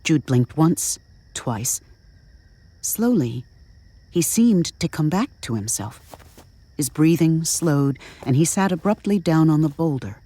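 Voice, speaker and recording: Low-voiced woman narrating an audio drama. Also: animated, takes it slowly, pauses often, mellow, breathy edge, dry recording.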